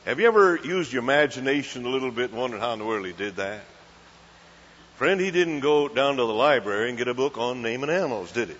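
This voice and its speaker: Man, folksy storytelling sermon, middle pitch, reverberant hall, muffled old recording. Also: lively intonation, fast talker, a bit bright, breathy edge. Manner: folksy, asks the crowd questions, acts out voices. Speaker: preacher.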